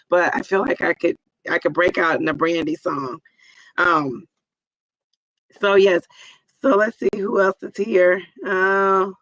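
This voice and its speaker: A hoarse, raspy woman in her forties hosting a live stream, chatting casually and greeting viewers by name. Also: on the low side, a bit bright, no echo, muffled recording. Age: 40s.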